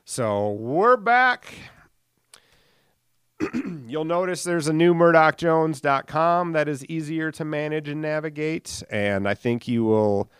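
A man's voice: mid-range voice, clear, resonant tone, no echo, studio quality. A man in his late thirties hosting a solo podcast, rambling casually with lots of fillers, self-mocking jokes and swearing. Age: late 30s. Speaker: podcast host. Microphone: studio microphone.

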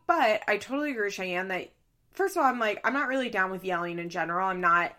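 A chatty woman talking through a reality show recap in a loose, casual way. She voices her opinions frankly and briefly mimics the people she quotes. Her pitch sits in the middle for a woman. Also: animated, fast talker, pushed and bright. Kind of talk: casual chat.

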